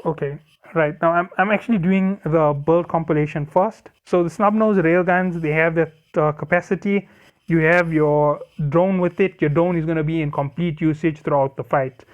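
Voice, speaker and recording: A man with a slightly high voice talks through a game ship build step by step. He explains things casually, stopping now and then to correct himself and apologize. The recording is dull and lo-fi, like a basic home mic. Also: steady tone, normal speed. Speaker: game guide creator.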